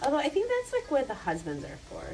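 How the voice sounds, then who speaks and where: A woman's voice: sits high, huge pitch swings, fast talker, vocal fry, darkish tone. A young adult woman hosting a live cooking demonstration, chatty and upbeat, talking straight to her viewers. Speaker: cooking show host.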